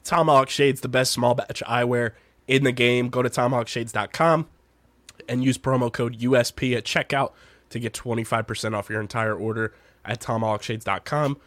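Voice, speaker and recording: A man's voice: medium pitch, steady tone, moderate pace, a bit bright, dry recording. A man hosting a casual podcast, tired and congested, chatting in a loose, rambling, upbeat way. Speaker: podcast host. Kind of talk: casual chat.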